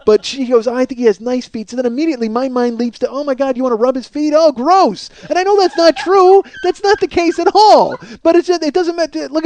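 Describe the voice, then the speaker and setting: With a very high, darkish voice, a comedy podcast host rants through a profane story, playing both parties in the conversation himself.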